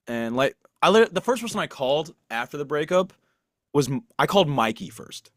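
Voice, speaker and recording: A man's voice: on the high side, animated, brisk, fairly bright tone, no room sound, studio quality. Young man rambling in casual chat. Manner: rambling, self-deprecating, many restarts and fillers. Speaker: podcast co-host.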